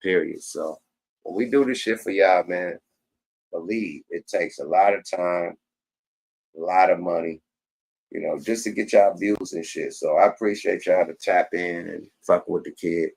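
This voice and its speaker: Gravel-voiced deep man signing off a stream. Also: unhurried, a little mellow. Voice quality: gravelly, slurred like a drunk wino. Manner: profane street slang, drawling and gravelly. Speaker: livestream podcast host. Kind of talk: casual stream sign-off.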